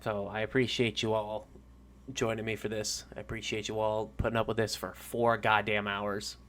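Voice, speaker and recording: A man's voice: fairly low pitch, completely flat delivery, moderate pace, fairly bright tone. A man narrating a tabletop game as game master, casual and rambling, with fillers and the odd swear.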